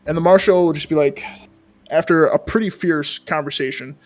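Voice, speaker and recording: A man's voice: on the high side, moderate pace. A man acting as game master, narrating a tabletop game casually with a lot of rambling and fillers.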